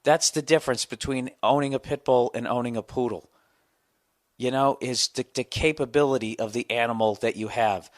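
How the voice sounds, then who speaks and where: A man in his forties, a comedian hosting his podcast, telling a long profane story in a ranting, animated way. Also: mid-range voice, dry recording, studio quality. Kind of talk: casual storytelling monologue.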